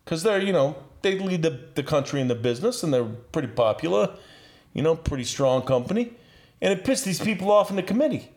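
A man as a podcast guest, telling a story in an animated, profane way and laughing as he goes. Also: a little high, brisk. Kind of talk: casual storytelling.

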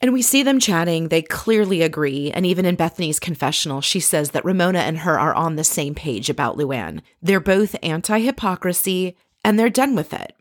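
Low-voiced woman recapping a show. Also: animated, normal speed, hardly any pauses, no room sound, studio quality. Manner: chatty, opinionated, storytelling. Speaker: reality TV recap host. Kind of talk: casual episode recap.

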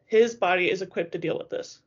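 A woman's voice: lowish voice, fairly quick, slightly rough. A woman reading the lines of a worried, protective young man who speaks in a tense, clipped way, in a dull lo-fi recording.

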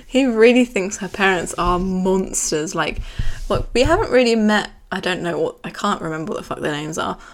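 A woman's voice: mid-range voice, expressive, normal speed. A woman co-hosting a podcast, chatting bluntly and swearing freely as she recaps a TV episode. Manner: blunt, swears, laughs often. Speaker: podcast co-host. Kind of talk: casual recap chat.

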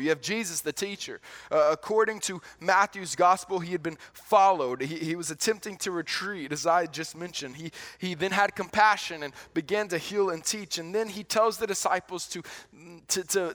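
A male pastor with a high-pitched voice preaching a sermon. He talks in a relaxed, conversational way and often restarts and repeats words as he goes.

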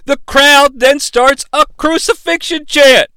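A man hosting a comedic movie recap, talking in a profane, animated and sarcastic way. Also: very high-pitched, moderate pace, few pauses, a little hiss or hum. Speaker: host.

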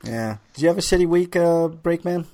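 A man's voice: a little high, brisk, warm tone. A man hosting a casual gaming podcast, loose and joking, swearing freely and laughing often. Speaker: podcast host.

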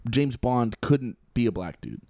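A man's voice: mid-range voice, big pitch swings, measured pace, creaky, mellow, no room sound, clean studio sound. A young man co-hosting a casual podcast, rambling with many restarts and the odd swear word. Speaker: podcast co-host.

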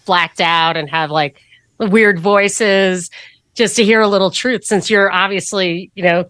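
A woman's voice: mid-range voice, steady tone, a little slow, fairly bright tone, clean tone, dry recording. A woman on a podcast panel, chatty with many fillers. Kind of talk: casual panel chat.

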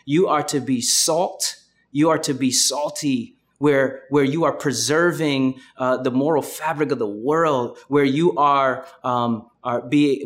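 A man preaching a sermon to his congregation, passionate and rhythmic. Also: mid-range voice. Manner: impassioned preaching, ending in a rhythmic rapped prayer. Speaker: pastor.

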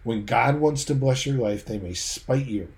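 A man's voice: mid-range voice, a little slow, a little mellow. A man preaching a sermon, leading his listeners through vividly imagined scenes.

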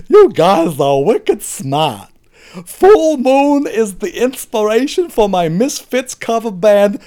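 A man's voice: sits high, pitched above the performer's own voice, full character voice. A man putting on a Boston accent to read out a joking listener letter, exaggerated and laughing. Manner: exaggerated loud reading with laughs. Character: letter writer from Boston, rough joker.

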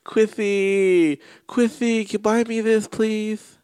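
A man doing a high, lisping impression of a young woman, pleading with a friend to buy things. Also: flat delivery, takes it slowly, a little mellow, clean tone, no echo. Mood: whiny pleading. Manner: pleading, repeating a name. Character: whiny clingy young woman begging a friend.

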